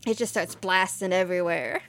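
Speaking fairly quickly in a fairly low, somewhat bright voice, a podcast co-host chats casually about an anime episode she just watched. She gets emotional, leans on lots of fillers, and quotes lines from the show. The recording is dry.

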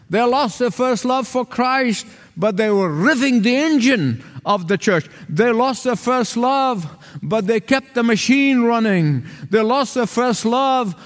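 A man's voice: very high-pitched, in a large hall. A male pastor from the Arab world preaching a sermon with an emphatic, repetitive cadence.

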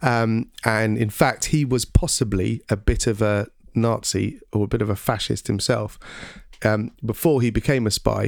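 Low-voiced man hosting a podcast. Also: creaky, a little mellow, dry recording, clean studio sound. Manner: hesitant, lots of ums, quizzes his co-host. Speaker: podcast host. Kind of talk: casual educational podcast chat.

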